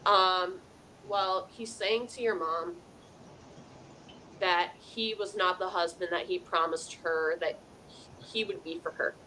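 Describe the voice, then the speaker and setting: Woman, psychic host, lowish voice, earnest, chatty, faint background hiss. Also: fairly even intonation, takes it slowly, long pauses, pushed and bright, poor audio. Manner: earnest, relays spirit messages in first person; chatty with fillers like "you know". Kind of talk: live call-in psychic reading.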